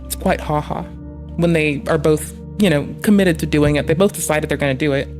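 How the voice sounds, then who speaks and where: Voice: medium pitch, fairly quick, darkish tone, soft background music. A streamer doing reaction commentary on a livestream, talking in a heated, sarcastic way with lots of swearing and sounding annoyed. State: annoyed and frustrated.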